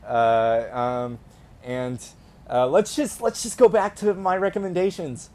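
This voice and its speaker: A man's voice: fairly high pitch, flat delivery, a little slow, darkish tone. A young man co-hosting a casual podcast, telling a story in a rambling way with many fillers and restarts. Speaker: podcast co-host.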